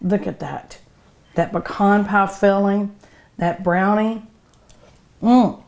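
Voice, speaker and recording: Slow-talking woman host savoring food. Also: medium pitch, steady tone, creaky, a little mellow. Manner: savoring food aloud with many hums. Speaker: cooking show host and restaurant owner. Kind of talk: casual cooking show tasting chat.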